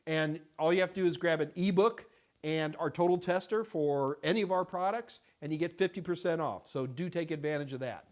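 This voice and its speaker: A middle-aged man hosting a casual live-stream Q&A, talking in a rambling, halting way with many fillers and restarts. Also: a little high. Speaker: host answering viewer questions.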